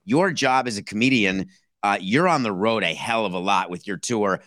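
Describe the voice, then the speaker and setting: A man's voice: on the low side, normal speed, a bit bright, dry recording, clean studio sound. A man hosting a podcast, asking thoughtful leading questions in an interview. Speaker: podcast host.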